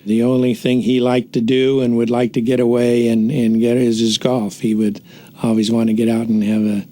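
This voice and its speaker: A man interviewed for a documentary, praising a colleague in short, halting phrases. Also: medium pitch, flat delivery, warm tone.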